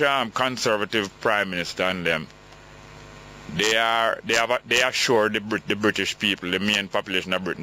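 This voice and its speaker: A man's voice: deep voice, bright, forceful tone, a little hiss or hum, poor audio. A man with a Jamaican accent hosting a call-in radio talk show, reading listener texts and commenting in patois.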